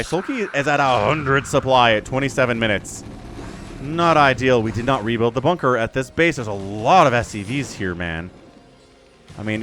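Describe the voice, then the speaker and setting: Animated male esports caster. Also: mid-range voice, a little hiss or hum. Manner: animated, joking asides. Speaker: esports shoutcaster. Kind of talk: solo play-by-play game commentary. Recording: faint background music.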